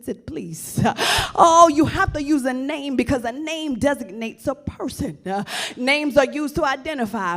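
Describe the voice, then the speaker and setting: An older woman pastor with a high voice delivers a fiery sermon, calling out to her congregation and pushing her delivery up into shouts. Faint music sits behind her. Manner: emphatic, call-and-response preaching that swells into shouts.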